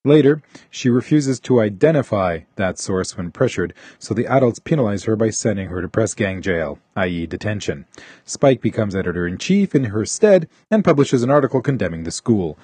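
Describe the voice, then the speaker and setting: A man's voice: on the low side, animated, normal speed, a little mellow, husky, dry recording. A male podcast host reading listener emails aloud, adding wry asides.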